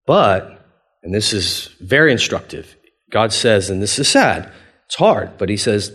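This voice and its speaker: A man's voice: a little slow, slightly rough. A man preaching a sermon as pastor, conversational and playful, acting out quoted dialogue with big swings in voice. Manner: animated, acts out quoted dialogue with big pitch jumps; conversational, playful, chuckles often.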